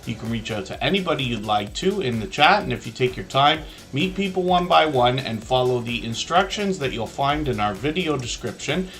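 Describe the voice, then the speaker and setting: A man's voice: medium pitch, a bit bright. A man hosting a casual live stream chat, talking on between bouts of a lingering cough and often saying pardon me. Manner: chatty, apologetic, says pardon me often.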